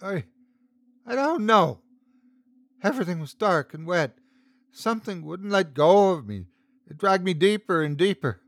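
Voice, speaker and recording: A man's voice: lively intonation, normal speed, no room sound, clean studio sound. A man putting on a shrieking, sobbing young woman. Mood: terrified. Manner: shrill, whimpering, desperate. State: sobbing, hoarse. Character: frightened injured young woman, sobbing and pleading.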